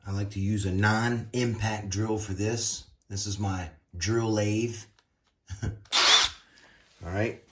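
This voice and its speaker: A man's voice: fairly low pitch, steady tone, takes it slowly, pauses often. A man hosting a casual build tutorial, folksy and playful, with bursts of exclamation. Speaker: RC car builder, channel host.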